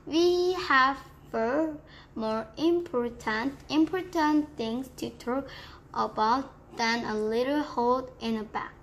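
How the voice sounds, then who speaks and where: A woman voicing a grand, generous old Duke in a storybook reading, in formal speech with halting restarts. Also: high voice, slight background noise. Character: grand elderly male Duke, lordly and generous.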